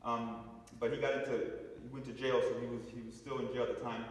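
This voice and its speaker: A middle-aged man speaking at a spiritual center, telling a personal story to an audience in an animated way with frequent restarts. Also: medium pitch, quick pace. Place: large hall with long reverb. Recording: echoey hall, voice from far off.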